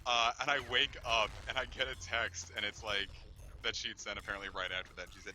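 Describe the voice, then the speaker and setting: A man's voice: fairly low pitch, steady tone, quick pace, bright, forceful tone, soft background music. A man casually commenting while streaming a game, candid and rambling, with lots of fillers and swearing. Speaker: let's play streamer.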